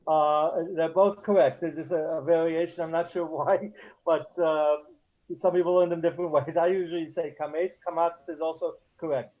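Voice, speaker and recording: A man teaching a beginner class over a video call, talking haltingly with many fillers and restarts. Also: on the high side, steady tone. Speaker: Hebrew teacher. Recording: dull lo-fi call audio.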